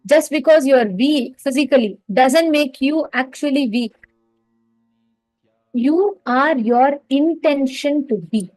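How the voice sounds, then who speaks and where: High-voiced woman giving an earnest spiritual talk. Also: slow pace, darkish tone, no echo, low-quality recording. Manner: earnest storyteller who repeats key phrases; addresses viewers directly and reads their names from the chat. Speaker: spiritual course instructor. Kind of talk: live online spiritual lecture.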